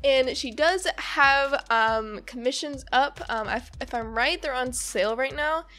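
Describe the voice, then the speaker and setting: Bubbly high-voiced woman YouTuber. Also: a little slow, a bit bright. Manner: bubbly and gushing, with giggles and restarts. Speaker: YouTuber host. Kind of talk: casual vlog chat reacting to a webcomic.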